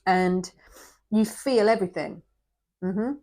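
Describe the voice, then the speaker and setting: Woman, tarot reading, near tears, talks right to the listener, slips into whispers, mid-pitched voice. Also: slow pace, warm tone. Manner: emotional, addresses viewer directly, often drops to a whisper. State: close to tears. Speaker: tarot reader.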